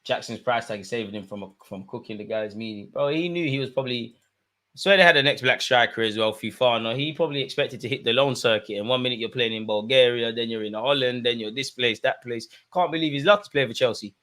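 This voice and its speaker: Young guy hosting a match watchalong, punchy voice, goes from mumbling to shouting at the telly. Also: mid-range voice, quick pace. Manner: excitable, swings from muttering to shouting at the screen. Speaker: football watchalong host. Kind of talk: live watchalong commentary, casual.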